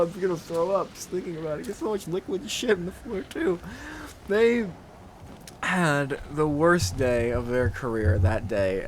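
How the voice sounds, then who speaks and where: A man's voice: on the high side, slight background noise. A man hosting a podcast, telling a crude, embarrassing story while laughing throughout. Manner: laughs constantly, crude and animated. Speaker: podcast host. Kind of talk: comedic storytelling chat.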